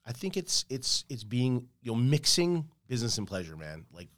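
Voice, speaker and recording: A man's voice: mid-range voice, very animated, moderate pace, fairly bright tone. A man in his thirties chatting casually as a podcast guest, rambling and repeating his words. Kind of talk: casual chat.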